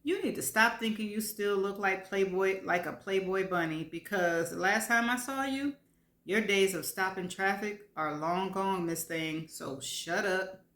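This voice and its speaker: A woman's voice: medium pitch, unhurried, fairly bright tone. A woman voicing a sassy, bossy middle-aged female best friend who teases and scolds bluntly. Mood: teasing. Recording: roomy echo.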